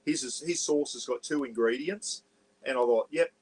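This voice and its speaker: A man's voice: mid-range voice, normal speed, darkish tone, slightly rough, poor audio. A man with an Australian accent, hosting a rambling, casual livestream chat from his caravan. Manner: rambling and chatty, often saying "bloody". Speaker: vlog host. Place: parked caravan.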